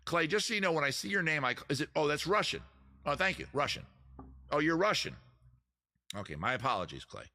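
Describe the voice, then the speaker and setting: A man's voice: a little high, big pitch swings, brisk, long pauses, sharp tone. A man hosting a casual live-stream trivia quiz, joking around and teasing the players. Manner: joking, teasing, crude asides. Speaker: host running a trivia quiz.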